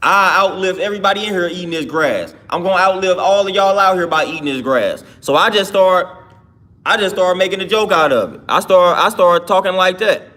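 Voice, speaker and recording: Hosting a livestream, this man chats loosely and casually with viewers, frequently starting his sentences over. His voice sits high and sounds pushed and bright, and his pace is fairly quick.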